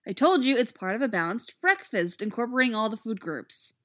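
A woman's voice: fairly high pitch, very animated, a little fast, dry recording, studio quality. A woman reading fan fiction aloud, voicing a goofy, childish young man detective with whiny, defensive banter.

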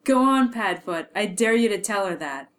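A woman voicing an excitable, hot-headed teenage schoolboy wizard in an amateur audio drama, talking loud and eager. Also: medium pitch, normal speed, lightly acted. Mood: indignant.

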